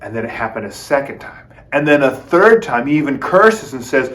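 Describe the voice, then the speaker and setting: A man teaching a children's Bible lesson as a lively story, talking straight to the kids and acting out the quotes. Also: mid-range voice, moderate pace, few pauses. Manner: lively, addresses kids as "guys", acts out quotes.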